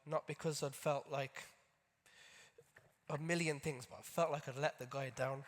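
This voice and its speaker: Guy doing a storytelling talk, slightly high voice, chatty asides, long reverb off a big hall. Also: steady tone, normal speed. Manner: conversational, self-mocking asides to the audience. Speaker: conference speaker. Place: large conference hall stage.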